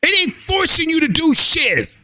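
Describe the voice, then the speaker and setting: A man ranting loudly and crudely in fired-up political commentary. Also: very high-pitched, very animated, unhurried. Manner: loud, fired up, drawling and crude.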